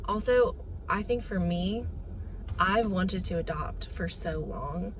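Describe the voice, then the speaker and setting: Chatty young woman with a low voice. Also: measured pace. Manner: chatty, rambling, filler-heavy. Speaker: book vlogger. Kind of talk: casual vlog chat. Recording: loud background noise.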